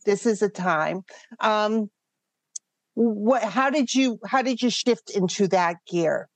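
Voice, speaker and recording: A woman's voice: medium pitch, slow pace, no echo. A woman interviewer who circles around her questions with restarts and fillers. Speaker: interviewer host. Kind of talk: conversational interview.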